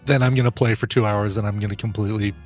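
A man co-hosting a casual morning chat show, easygoing and quick to chime in with agreement. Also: fairly low pitch, steady tone, darkish tone, faint music behind. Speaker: podcast co-host.

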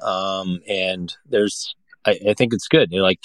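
Low-voiced guy rambling about game meat, lots of ums and restarts, dry close mic. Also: fairly even intonation, unhurried, fairly bright tone, dry recording. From Pacific Northwest. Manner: rambling with many fillers and restarts. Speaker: podcast guest, hunter. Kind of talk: casual chat.

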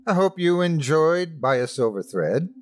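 A man hosting a horror podcast, introducing the next tale in a smooth, ominous way. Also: a little high, very animated, unhurried, slight background noise. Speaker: podcast host. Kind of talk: scripted introduction.

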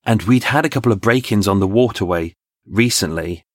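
A man with a fairly low voice tells stories as a podcast guest. He talks in an animated, chatty way, stumbling and restarting and laughing as he goes. The sound is dry and close, with no room around it. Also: a little fast, no room sound. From England. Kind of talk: storytelling in conversation.

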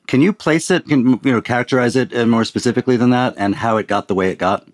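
A man's voice: mid-range voice, fast. A man from Washington, D.C., hosting a podcast interview in a chatty, conversational way. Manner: chatty, uses "like" fillers. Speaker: podcast host.

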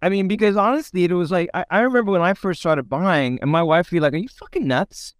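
A man's voice: high voice, fast, clean tone, dry recording, studio quality. A man hosting a casual interview, telling stories animatedly and swearing freely. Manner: animated storyteller who acts out quotes, swears freely. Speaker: podcast host.

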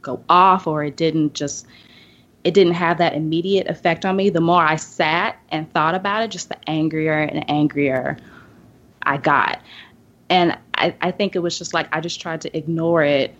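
A woman from the Southern United States telling a personal story in a casual podcast roundtable. She acts out the people in her story with lively voices. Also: low voice, moderate pace. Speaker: podcast panelist. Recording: dull lo-fi podcast audio.

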